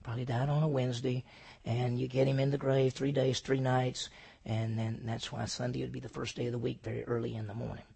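A man preaching a sermon, emphatic, asking rhetorical questions and swinging between loud and hushed delivery. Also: medium pitch, level tone, brisk, vocal fry, husky. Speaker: pastor.

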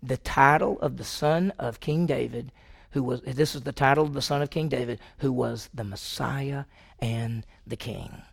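Gravelly man preaching a sermon. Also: mid-range voice, normal speed. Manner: asks the congregation questions, acts out quoted voices. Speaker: pastor.

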